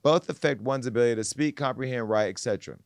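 A man's voice: mid-range voice, fast talker, no room sound, clean studio sound. A man hosting a casual gossip podcast, telling stories with animation and acting out what others said. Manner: animated storytelling, acts out quotes. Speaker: podcast host.

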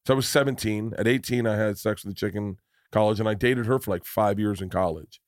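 A man's voice: on the low side, fast, no echo, clean studio sound. A man hosting a podcast, telling a self-deprecating comic story with lots of restarts and laughter. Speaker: podcast host. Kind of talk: casual comedic storytelling.

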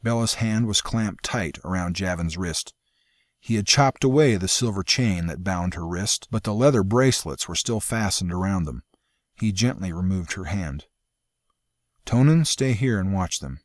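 Man, low voice, dramatic measured storytelling, fantasy audiobook narration, dry close sound. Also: no echo.

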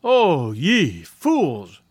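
A man's voice: high-pitched, lively intonation, moderate pace, fairly bright tone, dry recording, clean studio sound. A man voicing a cunning, grim village chief who scolds his people in old-fashioned speech. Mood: scolding.

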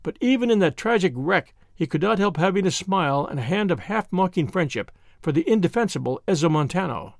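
A man narrating a classic mystery story in an expressive reading. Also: high voice, fairly quick, gravelly, few pauses, no echo, clean studio sound.

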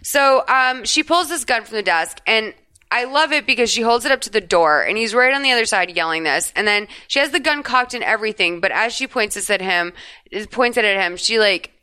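Bright, chatty woman podcast host. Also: on the high side, brisk, smooth. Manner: chatty, swears freely, animated retelling. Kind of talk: casual chat recapping a TV episode.

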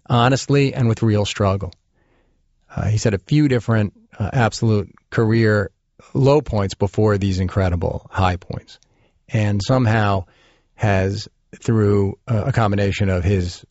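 A man's voice: fairly low pitch, darkish tone, no room sound, highs cut off. A man hosting a podcast interview, talking earnestly with many fillers and restarts. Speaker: podcast host. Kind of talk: casual interview chat.

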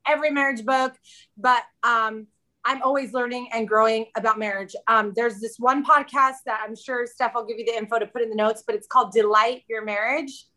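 A woman's voice: fairly high pitch, steady tone, a little fast, bright, forceful tone. A woman in her thirties, a podcast guest in casual chat, candid and chatty, often quoting herself.

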